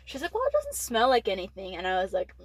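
A woman's voice: mid-range voice, wildly swooping pitch, fast talker, no echo, low-quality recording. A teenage girl from Texas telling a school story in casual chat, rambling with lots of "like" and frequent swearing. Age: late teens. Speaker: podcast co-host.

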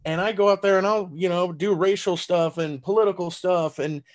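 A man's voice: high voice, fairly even intonation, a little fast. A man with a Southern accent, a stand-up comedian in casual podcast chat who laughs often and talks loosely with lots of fillers and swearing. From Texas.

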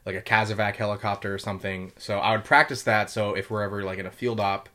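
A man's voice: lowish voice, fairly even intonation, sharp tone. A young man telling war stories in a casual chat, loose and full of fillers and swearing. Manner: swears a lot, quick and loose with many fillers. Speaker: podcast host telling military stories.

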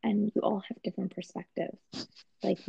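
A woman's voice: medium pitch, steady tone, moderate pace, gravelly, dark tone, slightly rough, no echo. A woman chatting casually, easygoing and agreeable, speaking in short phrases. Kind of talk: casual chat. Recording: dull lo-fi recording.

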